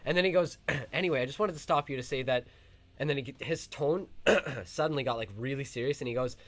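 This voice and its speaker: A man's voice: mid-range voice, brisk. A young man, born in Ukraine, telling stories in a casual podcast chat, acting out the people he quotes. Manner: animated, acts out quoted voices. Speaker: podcast co-host.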